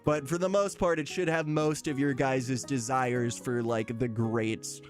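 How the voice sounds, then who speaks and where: A man's voice: mid-range voice, steady tone, measured pace, soft background music. A man streaming casually, chatting with his viewers, laughing often and reading out their messages. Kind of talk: casual live-stream chat.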